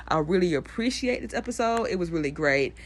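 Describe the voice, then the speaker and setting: Young woman, casual TV recap, blunt, animated, lots of swearing. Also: on the low side, brisk. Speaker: TV recap vlogger. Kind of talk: casual profane show recap.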